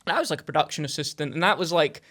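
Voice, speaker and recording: A young man in his twenties, a podcast guest telling a rambling, animated anecdote full of fillers. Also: a little high, racing. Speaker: podcast guest, indie filmmaker.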